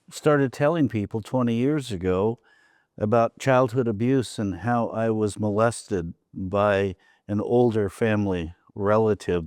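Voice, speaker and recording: A man's voice: mid-range voice, a little mellow, no echo, clean studio sound. A man hosting a recovery talk show, speaking earnestly and openly. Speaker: host. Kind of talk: casual conversation.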